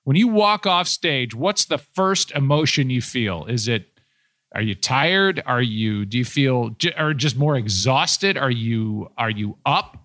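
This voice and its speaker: Lively, bright-voiced man asking questions. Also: mid-range voice, measured pace, dry recording. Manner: curious, rambling questioner. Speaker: podcast co-host. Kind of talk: casual podcast interview.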